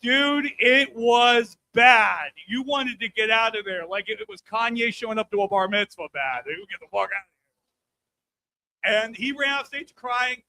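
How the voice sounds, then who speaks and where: A man's voice: very high voice, moderate pace, bright, forceful tone, rough recording. A man doing a stand-up comedy set on a live stage mic, brash and crude, often checking in with the crowd. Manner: brash, crude punchlines, keeps checking in with "all right?".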